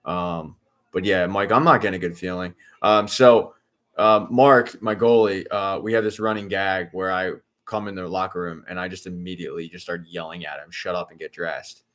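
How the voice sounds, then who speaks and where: Male fan streaming a game, low voice, casual chatter punctuated by loud groans at his team. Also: steady tone, normal speed. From Philadelphia area. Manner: exasperated, loud outbursts at bad plays. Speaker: streamer hosting a football watch-along. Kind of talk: casual live-stream commentary.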